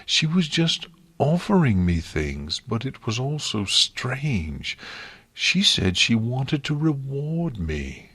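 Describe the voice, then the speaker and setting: A man's voice: medium pitch, sing-song, a bit bright, slightly rough, no echo, voice pushed up, heavily acted. A man reading an audiobook, voicing a frightened, tearful young female unicorn who whimpers and stammers. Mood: shaken. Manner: whimpering, sniffling, halting.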